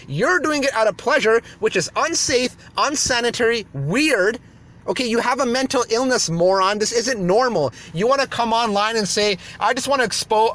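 High-voiced man ranting angrily. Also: fairly bright tone. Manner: heated, insulting, repetitive ranting. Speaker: YouTuber. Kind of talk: angry rant video. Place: parked car.

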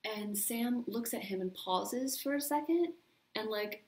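A woman's voice: a little high, expressive, measured pace, darkish tone. Young woman rambling on a laptop mic. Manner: chatty and rambling, full of "like". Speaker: vlogger. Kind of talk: casual makeup tutorial chat. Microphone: built-in computer mic.

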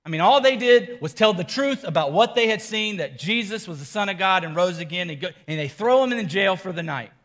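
A pastor preaching a sermon, telling the story in a casual, animated way with emphatic repetition. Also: male voice, sits high, fairly quick, hardly any pauses.

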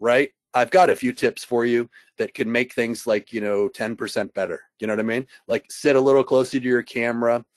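A man of ordinary pitch talks as a panelist in a business webinar, keeping it conversational and putting rhetorical questions to his listeners. His voice comes through dry and close over a video call. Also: fairly even intonation, fairly quick, few pauses, no echo.

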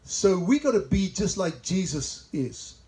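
South African male pastor, higher voice with a mellow, warm tone, chatty sermon full of asides. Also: sing-song, unhurried, low-quality recording. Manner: chatty, laughs at own asides. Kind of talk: sermon with personal stories. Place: church service in a greenhouse.

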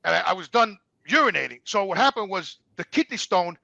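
A man's voice: high-pitched, animated, fairly quick, creaky, sharp tone, no echo, muffled recording. A middle-aged man, a truck driver, telling long blunt stories with constant swearing in a rambling, casual way. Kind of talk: casual storytelling.

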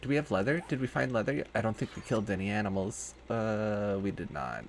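A man's voice: lowish voice, expressive, fairly quick, slight background noise. A young man hosting a gaming channel, casually thinking aloud as he crafts and plans in his game. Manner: jokey, hammy cowboy put-on at intro. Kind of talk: casual let's-play commentary.

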